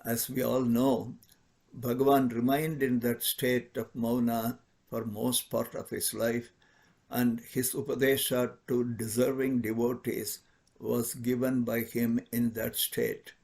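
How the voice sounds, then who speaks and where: Man reading and explaining devotional verses, gravelly, slow and careful. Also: medium pitch, little pitch movement, a little mellow. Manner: measured, explanatory, repeats points for emphasis. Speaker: devotional speaker. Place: ashram celebration.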